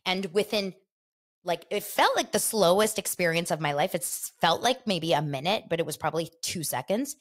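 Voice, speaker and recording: Woman host gabbing casually, super expressive pitch, lots of likes. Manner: animated, rambling storytelling full of fillers. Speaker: podcast host. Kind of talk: casual chat.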